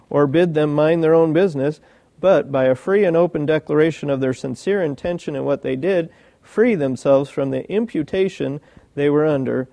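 Gravelly preacher man, warm dry voice. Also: on the high side, dry recording. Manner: reads old commentary aloud, breaks off to ask the listeners questions. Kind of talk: sermon reading from commentary.

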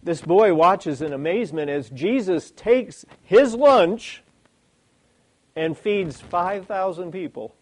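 Lively man preaching a sermon. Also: sits high, takes it slowly, rough recording. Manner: animated, lots of rhetorical questions.

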